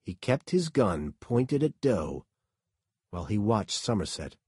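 A male audiobook narrator reads scripted narration slowly in a husky, fairly low voice. His reading is measured and expressive, captured as a dry recording with clean studio sound.

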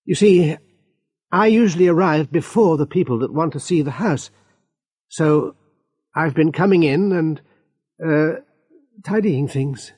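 Man reading as a husky-voiced estate agent, flustered, apologetic, hesitant. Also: a little high, unhurried, long pauses, a little mellow, no echo, studio quality, pitched above the performer's own voice.

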